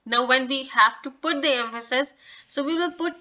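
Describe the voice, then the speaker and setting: A woman with a bright, forceful, fairly high voice gives a casual English lesson to her viewers. She talks encouragingly but hesitantly, with many fillers and restarts. The sound is dull and lo-fi. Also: moderate pace. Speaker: English teacher and channel host.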